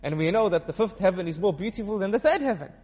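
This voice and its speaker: A man's voice: sits high, fast. A male Islamic preacher telling a story in a sermon, quizzing and teasing his audience as he goes. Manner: lively storyteller who quizzes and teases the audience. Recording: long hall reverb.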